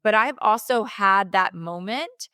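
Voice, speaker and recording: A woman's voice: medium pitch, measured pace, pushed and bright, clean tone, no echo, clean studio sound. Emphatic woman giving motivational advice. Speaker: guest, mindset coach. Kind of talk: podcast interview.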